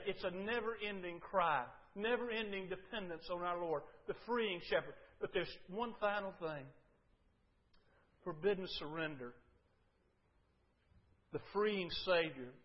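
Older man, preaching, rising fervent pleas, soft low asides, dull recording. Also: measured pace. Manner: swings between loud fervent pleas and quiet, low confiding talk. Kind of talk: sermon.

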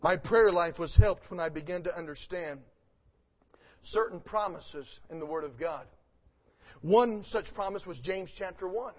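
High-pitched guy preaching, reads scripture quiet then gets loud and emphatic, muffled lo-fi sound. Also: moderate pace. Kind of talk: sermon.

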